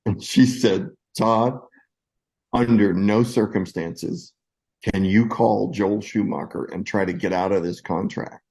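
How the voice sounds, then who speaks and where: A man in his sixties, an actor telling lively anecdotes in a casual interview and acting out the voices of the people he quotes. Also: fairly low pitch, slow, breathy edge, poor audio. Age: 60s. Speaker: actor guest.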